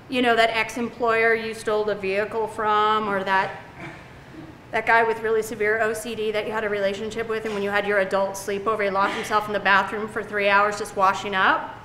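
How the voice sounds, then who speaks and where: A woman doing a stand-up comedy set on a club stage in an animated, self-mocking way, acting out scenes. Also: fairly high pitch. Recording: echoey club room, faint hum.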